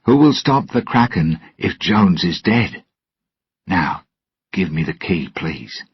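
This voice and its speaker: A man's voice: low voice, sing-song, takes it slowly, slightly rough, muffled recording, exaggerated voice. A man reading a storybook aloud and voicing a cocky pirate captain in a wry tone. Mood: sly.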